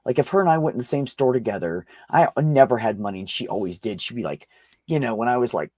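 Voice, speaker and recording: A man's voice: medium pitch, lively intonation, quick pace, a little mellow, dry recording. A man in casual conversation, telling a long personal story with frequent swearing and restarts. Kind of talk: casual chat.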